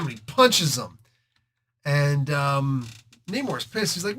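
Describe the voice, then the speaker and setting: Hyped guy breaking down an old comic, kinda high bright voice, slangy, goes kadow. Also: normal speed. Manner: excitable, slangy storytelling with sound effects. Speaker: comic book reviewer host. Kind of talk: casual comic review recap.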